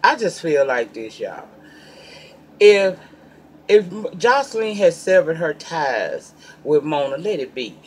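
A man in a sassy, chatty gossip vlog, speaking in a fairly high voice with a faint hiss behind him. He talks right to his viewers and hits his points with sudden loud bursts. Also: slow pace. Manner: loud bursts of emphasis between calmer asides. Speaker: celebrity gossip vlogger. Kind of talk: casual gossip commentary.

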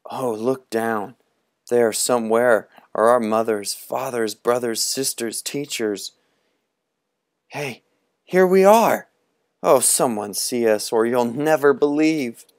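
A man voicing a chorus of excited boys calling out as they fly on a kite, in a storybook reading. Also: mid-range voice, takes it slowly, no echo, studio quality, voice pushed up, lightly acted. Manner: raised, calling out, shouting upward.

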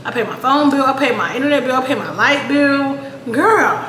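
A woman's voice: high voice, moderate pace, fairly bright tone. A woman vlogging at home, chatty and casual, talking straight to her viewers and cursing when annoyed. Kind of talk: casual vlog chat. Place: apartment at home. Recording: echoey room with background noise.

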